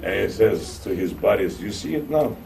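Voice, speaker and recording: A man's voice: normal speed, gravelly, noisy background. A man with a Turkish accent, a Sufi shaykh, tells a story in a sermon and acts out the voices of its characters. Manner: animated storytelling, acting out quoted voices with rising pitch. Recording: distant mic with faint room ambience.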